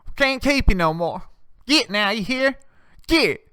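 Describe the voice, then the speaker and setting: Man doing a bumbling Southern farmer, high twangy drawl, clean dry read. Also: expressive, measured pace, sharp tone, clear, resonant tone, no echo, full character voice. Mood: shooing. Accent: put-on Southern US.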